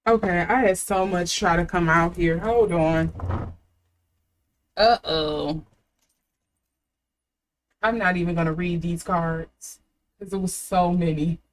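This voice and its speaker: A woman's voice: lowish voice, steady tone, moderate pace, a little hiss or hum. A young adult woman giving a casual tarot reading, thinking aloud with fillers and restarts. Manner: chatty, thinking aloud, with fillers and self-corrections. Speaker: tarot reader.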